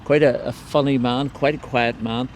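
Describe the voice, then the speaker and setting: A man hosting a local news podcast, talking in a loose, relaxed way with many fillers and restarts. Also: medium pitch, moderate pace, a little hiss or hum. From Northern Ireland. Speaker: podcast host. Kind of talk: casual local news chat.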